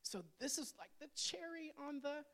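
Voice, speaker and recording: A woman's voice: high voice, expressive, moderate pace, a bit bright. A woman in her fifties, a pastor, telling her personal testimony in a candid, conversational sermon that speaks straight to the congregation. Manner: candid, conversational, addresses audience directly.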